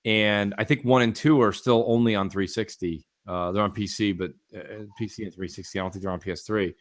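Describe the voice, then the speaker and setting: A man's voice: fairly low pitch, steady tone, a little fast. A man co-hosting a casual gaming podcast, talking in an opinionated, emphatic way. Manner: opinionated, emphatic, repeats "it is what it is". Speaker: podcast co-host.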